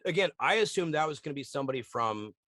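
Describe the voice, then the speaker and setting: A man co-hosting a podcast, retelling TV scenes in a lively, swearing casual chat and acting out lines in quick voices. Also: on the high side, dry recording, clean studio sound. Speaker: podcast co-host. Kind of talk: casual chat recapping a TV show.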